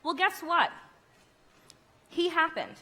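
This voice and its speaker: A woman's voice: very high voice, sing-song, slow pace, pushed and bright. A woman giving a conference keynote speech, emphatic and rhetorical, with wry humor. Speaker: keynote speaker.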